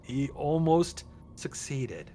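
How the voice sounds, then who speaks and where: A man narrating as game master of a tabletop game, relaxed and chatty, with frequent fillers. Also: medium pitch, slow.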